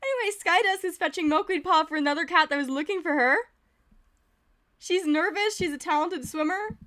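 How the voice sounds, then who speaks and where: A woman's voice: very high-pitched, brisk, pushed and bright. A woman streamer giving casual, giggly commentary as she reads game events aloud.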